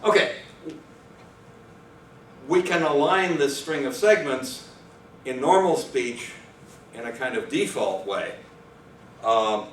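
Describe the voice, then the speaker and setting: A man's voice: fairly high pitch, animated, slow pace, pauses often, a little hiss or hum. A man giving an academic talk on language and rhythm, thinking aloud with fillers and small self-corrections. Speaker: lecturer. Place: lecture room. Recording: echoey room from far off.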